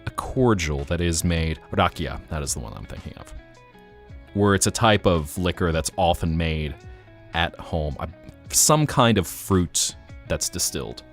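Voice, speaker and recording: Male stream host, low voice, lively and rambling, faint music behind. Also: a little slow. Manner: animated, rambling, jokey. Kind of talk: casual live stream chat.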